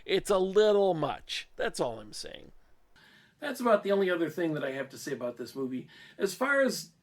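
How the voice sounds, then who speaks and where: A man's voice: high voice, sing-song, moderate pace, no echo. A middle-aged man giving a casual, meandering movie review in his home studio, chatty and full of fillers and restarts. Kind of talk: casual opinion monologue.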